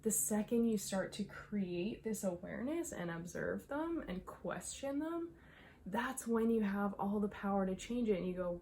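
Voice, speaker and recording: A young adult woman talking to camera as a mindset coach, slightly out of breath, emphatic and quick to laugh. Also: medium pitch, animated, mellow, slight background noise. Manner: emphatic, repeats herself, laughs often. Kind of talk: casual talk to camera.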